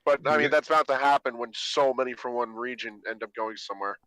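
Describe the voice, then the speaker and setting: A man's voice: mid-range voice, brisk, pushed and bright, no room sound, low-quality recording. A man in a casual panel discussion, speaking in an easygoing, matter-of-fact way.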